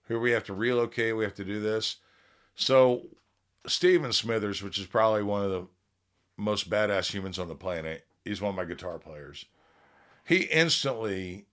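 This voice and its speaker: Low-voiced man telling a profane story. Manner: profane, animated storytelling with quoted dialogue. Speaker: podcast guest, band leader. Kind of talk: casual storytelling chat.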